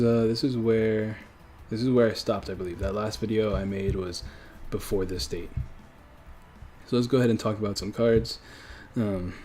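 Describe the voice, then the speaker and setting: Low-voiced young man chatting on stream. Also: mellow, slight background noise. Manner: rambling, self-correcting, chats with viewers. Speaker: livestream host. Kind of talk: casual livestream chat. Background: faint background music.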